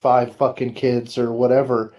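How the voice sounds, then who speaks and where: A man's voice: mid-range voice, moderate pace. A man co-hosting a podcast, talking bluntly and swearing freely in casual chat about former army life. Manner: blunt, profane, animated storytelling. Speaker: podcast co-host.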